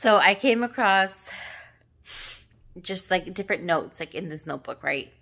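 A low-pitched woman speaks through tears and sniffles, pausing often to search and apologize. Her talk is casual and emotional, like a personal devotional vlog where she reads from her notebook. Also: animated, vocal fry, fairly bright tone. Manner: halting, searching, full of fillers and apologies. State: tearful, sniffling. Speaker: vlogger sharing devotional reflections. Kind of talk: emotional devotional vlog, reading journal aloud.

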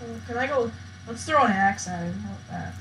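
Slangy gamer woman commentating, yells a lot, voice kinda high, roomy echo. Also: brisk. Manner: excitable, bursts into loud shouts and cries, slangy. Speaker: gaming channel host. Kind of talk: live gameplay commentary. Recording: echoey room with faint noise.

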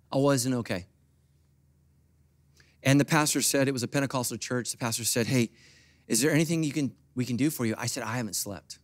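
A middle-aged man preaching a sermon as pastor, jumping between quiet asides and loud animated peaks, with humorous asides to the congregation. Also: medium pitch. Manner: animated preaching with big swings from soft to loud.

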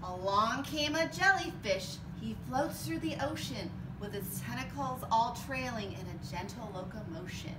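A woman teacher reading a picture book aloud to children in a slow, expressive storytelling voice. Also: a little high, heavy background noise. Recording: roomy echo, distant mic, faint ambience.

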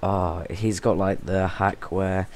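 A man giving chatty, excitable gameplay commentary on his channel, breaking into sudden exclamations, recorded on a stand-in mic. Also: low-pitched, slow pace, gravelly, slight background noise. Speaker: gaming channel host. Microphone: temporary stand-in mic.

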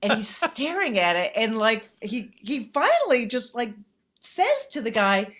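A woman's voice: on the high side, sing-song, unhurried, a bit bright. A woman podcast host telling a funny story in casual chat, acting out the people she quotes.

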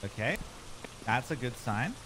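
A man calmly directing a teammate through a horror game. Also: mid-range voice, measured pace. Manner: calm, directing the team. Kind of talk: casual gaming chat. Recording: noisy stream audio.

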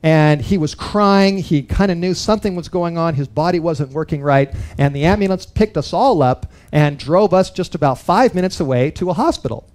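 A man's voice: fairly high pitch, moderate pace, few pauses, a little mellow. A middle-aged man gives a personal testimony to a live audience, in an earnest, conversational storytelling way that speaks to his listeners. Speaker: guest speaker.

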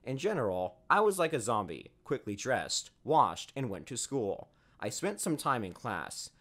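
A man tells a scripted first-person story with a lively, rising and falling delivery. His pitch sits mid-range and moves a lot as he recounts events. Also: unhurried. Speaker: narrator.

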